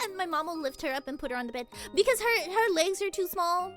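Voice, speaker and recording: A young woman streaming, chatting casually with giggly, animated storytelling. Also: very high-pitched, fairly quick, faint music behind. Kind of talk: casual chat.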